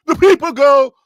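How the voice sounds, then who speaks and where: A man voicing a nervous, stuttering prophet who halts and repeats himself as he speaks, with a high voice and a very dry sound. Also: dry recording, heavily acted. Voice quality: stammering, halting.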